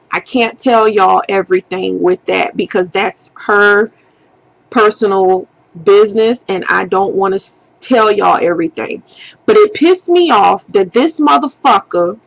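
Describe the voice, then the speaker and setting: A young woman vlogger telling a personal story in a casual, animated way, heavy on profanity and slang. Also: medium pitch, dull audio.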